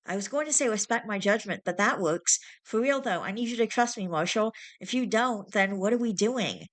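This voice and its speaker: A woman's voice: medium pitch, normal speed, voice pushed up, natural voice. A woman voicing a firm, self-assured young woman, in a storybook reading. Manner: direct, firm.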